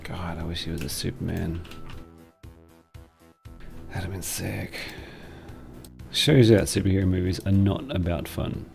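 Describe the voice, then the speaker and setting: A man streaming and chatting casually, rambling and excitable, breaking into high squealing bits and laughter. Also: unhurried, gravelly, long pauses, soft background music.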